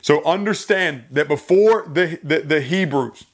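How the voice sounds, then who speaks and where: A man delivers an earnest sermon to his congregation. His voice sits a bit higher than most men's. He builds his points into emphatic, rising runs of phrases. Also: measured pace. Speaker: pastor.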